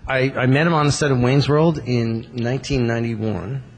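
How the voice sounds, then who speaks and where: Gravelly-voiced man telling a story. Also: medium pitch, normal speed, big-room sound. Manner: animated, acts out other people's voices. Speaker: guest. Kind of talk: casual storytelling.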